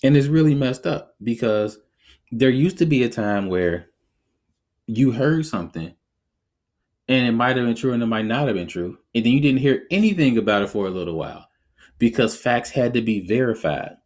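A man hosting a podcast, giving his opinions in a casual, animated way and often laughing as he talks. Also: medium pitch, moderate pace. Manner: conversational, reflective. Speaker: podcast host.

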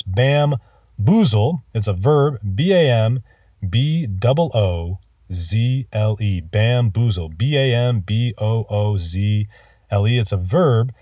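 An enthusiastic man teaches a vocabulary lesson and spells each word out slowly. His voice is husky and mellow, a little low. It is recorded dry and slightly off-mic, with faint music underneath. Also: dry recording, recorded from a distance.

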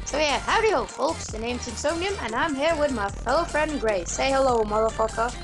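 A young woman with a high voice hosts a casual podcast, rattling off crude jokes and swearing freely. Her talk is quick and rough-edged, and music plays clearly behind her. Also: expressive. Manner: fast, crude, joking, swears a lot. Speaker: podcast host.

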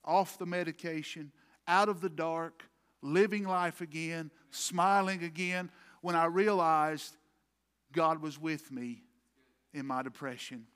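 A male pastor preaching a sermon emphatically, swinging between loud, forceful lines and hushed ones. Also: sits high, clear, resonant tone. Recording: long hall reverb.

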